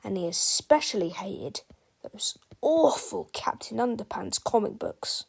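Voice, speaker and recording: Slow, gravelly woman reading a storybook. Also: medium pitch, whispered. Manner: slow, expressive storytelling, addresses listener. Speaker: storybook reader. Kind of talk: children's book read-aloud.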